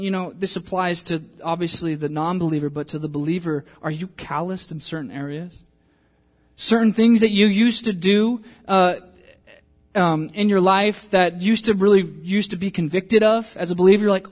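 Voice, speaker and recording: A man's voice: high voice, steady tone, moderate pace. A man preaching a sermon in church, earnest, acting out the inner voices of his listeners. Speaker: pastor.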